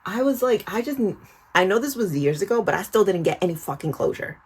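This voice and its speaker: A young woman in her twenties vlogs a storytime over her skincare routine, recounting it animatedly with frequent swearing and plenty of "girl" aimed at the viewer. Her mid-range, husky voice is expressive and a little fast.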